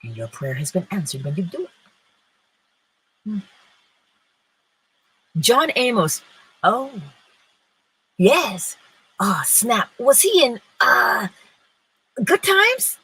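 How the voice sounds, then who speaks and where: A woman's voice: mid-range voice, big pitch swings, slow, long pauses, fairly bright tone, breathy edge, no echo, low-quality recording. A woman hosting a live-streamed morning inspiration talk. She mixes emphatic preaching with casual chat, answers viewers' comments and laughs often.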